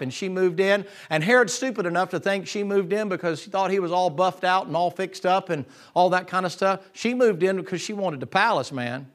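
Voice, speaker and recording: Man, preacher, folksy joking sermon, high voice. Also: fairly quick, few pauses.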